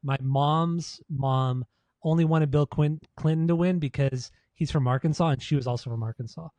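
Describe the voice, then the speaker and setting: A man's voice: on the high side, normal speed, a little mellow, dry recording. A man in his thirties co-hosting a casual music podcast, talking with enthusiasm, swearing freely and repeating himself. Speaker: podcast co-host.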